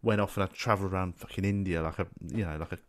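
A man in his thirties, a podcast guest, telling stories in a relaxed, casual way with some swearing. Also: sits low, very fast. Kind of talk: casual chat.

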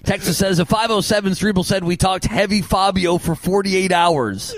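A man hosting a sports radio show in a studio, talking in animated, preachy banter. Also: high voice, moderate pace, dry recording. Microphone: studio microphone.

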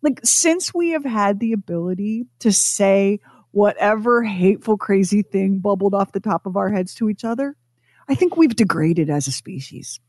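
A woman's voice: medium pitch, animated, moderate pace, a little mellow, dry recording, studio quality. A woman co-hosting a radio talk show, telling stories in a chatty way and putting on voices now and then. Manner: chatty, storytelling, mimics voices. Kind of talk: casual chat.

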